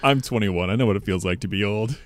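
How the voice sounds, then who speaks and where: Podcast dude, lowish voice, chatty and eager, goes off on tangents. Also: male voice, fast talker, dry recording. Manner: enthusiastic, rambling asides. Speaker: podcast co-host. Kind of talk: casual chat.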